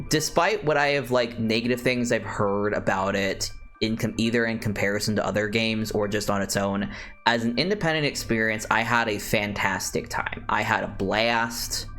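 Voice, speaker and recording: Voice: mid-range voice, a bit bright. Chatty streamer rambling over faint music. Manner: rambling, with frequent restarts and side comments. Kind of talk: casual chat.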